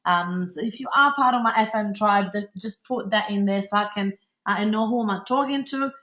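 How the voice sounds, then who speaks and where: A woman from Italy with an Italian accent, hosting a live webinar in a fast, bubbly, chatty way with many fillers. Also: mid-range voice, a bit bright. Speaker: webinar host.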